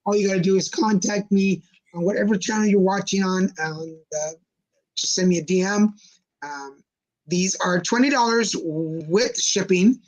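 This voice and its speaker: A man co-hosting a casual talk show livestream, easygoing and slowing down to spell out details. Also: high voice, highs cut off. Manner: easygoing, slows down when promoting. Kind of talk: casual chat. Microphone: livestream setup.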